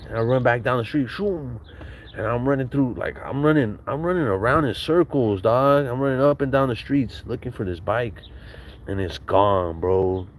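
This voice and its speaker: A man's voice: mid-range voice, animated, normal speed, a little hiss or hum. A man casually telling childhood stories in a slangy, profane way, acting out quotes and laughing now and then. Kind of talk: casual storytelling.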